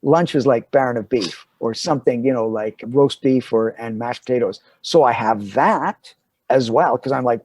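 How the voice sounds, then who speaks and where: A man's voice: medium pitch, normal speed, no echo, rough recording. A middle-aged actor telling a funny anecdote in casual conversation, acting out the voices of the people in his story. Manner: animated storyteller acting out dialogue. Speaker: actor guest.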